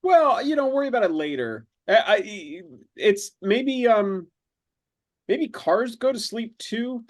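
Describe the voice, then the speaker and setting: A man voicing a gentle, hesitant male HR agent who talks in a soothing, stammering way. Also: high-pitched, very animated, slow, no room sound, heavily acted. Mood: awkward.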